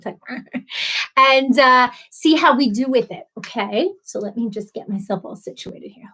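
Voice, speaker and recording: A woman's voice: a little high, a bit bright, poor audio. A young woman hosting a casual live stream, chatting with viewers in a bubbly, rambling way with many fillers. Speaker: livestream host. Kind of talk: casual livestream chat with viewers.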